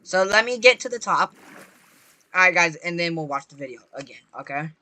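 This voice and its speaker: An excitable gaming creator giving live gameplay commentary, chatty and repetitive, constantly talking to viewers and bursting into shrieks when startled. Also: mid-range voice, fairly quick. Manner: repetitive, chatty, playful slang.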